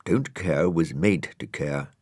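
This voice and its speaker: A man's voice: a bass voice, slow, a little mellow, husky, dry recording, studio quality, heavily acted. A man voicing a vain, fussy male dog with a pompous, huffy manner in a storybook reading. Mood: indignant.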